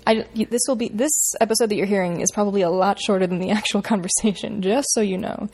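A woman guest co-hosting a podcast in easy conversation, her voice husky and breathy at a middling pitch. She tosses in playful, giggly asides. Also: steady tone, fast, a little mellow. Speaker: guest co-host. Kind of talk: casual chat.

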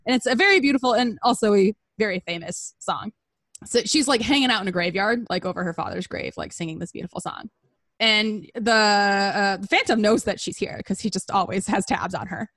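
A woman's voice: mid-range voice, expressive, fairly quick, fairly bright tone, dry recording. Crude, rambling comic host, woman, dry close recording. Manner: crude, rambling, lots of fillers. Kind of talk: comedic plot recap.

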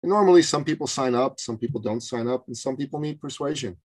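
A man from Canada telling a story as a guest on a podcast, in an animated and emphatic way. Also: mid-range voice, fast talker, no echo, rough recording. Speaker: podcast guest, business coach. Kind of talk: interview storytelling.

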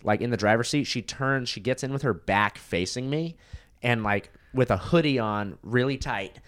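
A man's voice: mid-range voice, moderate pace, fairly bright tone. A young man, a comedian guest, telling a crude story in a rambling, casual way that is full of "like".

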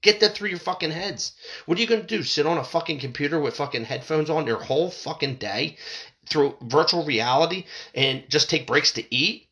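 This male podcast host reads news articles on air and launches into furious, foul-mouthed tirades, tripping over and repeating words when agitated. His voice sits a little high with a slightly bright quality, and the recording sounds lo-fi.

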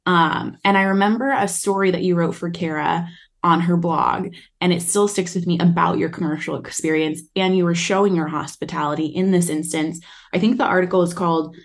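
A woman with a lower voice hosting a casual podcast chat. She speaks in a complimentary way, with frequent hesitations and fillers. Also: fairly even intonation, brisk. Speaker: podcast host. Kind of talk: conversational podcast interview.

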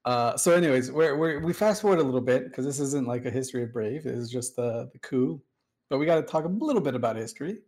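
A man's voice: mid-range voice, expressive, fast, darkish tone. A man hosting a casual chat, telling a long story in a chatty, digressive way. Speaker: host.

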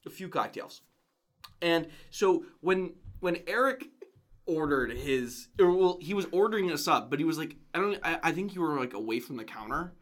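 A man on a podcast tells stories with a very lively, up-and-down voice. He teases his co-host as he talks. His voice is slightly high. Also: normal speed. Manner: animated storyteller, teasing. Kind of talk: casual chat.

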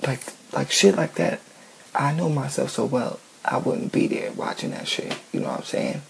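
Gravelly, blunt, profane man ranting. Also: mid-range voice, huge pitch swings, normal speed, slight background noise, rough recording. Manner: blunt, profane, emphatic, often says "you know what I'm saying". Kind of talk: casual ranting monologue.

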